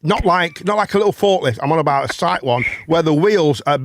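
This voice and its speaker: A man's voice: fairly high pitch, animated, a little fast, dry recording. A man, hosting a casual chat and telling a long story, rambling, swearing and repeating words. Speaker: host.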